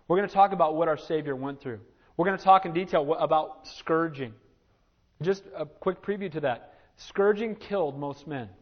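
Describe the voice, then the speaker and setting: A male pastor preaching a sermon, swinging from loud exclamations down to hushed, earnest tones. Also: fairly high pitch. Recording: muffled lo-fi recording.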